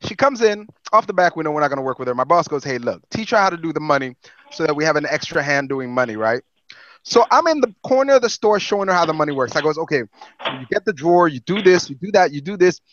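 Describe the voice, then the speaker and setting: High, animated man telling profane stories. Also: quick pace, no echo, muffled recording. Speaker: podcast co-host. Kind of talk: casual storytelling.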